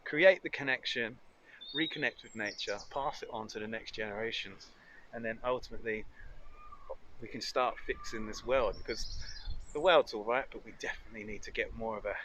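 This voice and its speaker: A man's voice: fairly low pitch, brisk, background noise. A man chatting casually and cheerfully while cooking outdoors for a foraging vlog. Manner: chatty, upbeat, muses aloud. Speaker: foraging vlogger. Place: outdoors in nature.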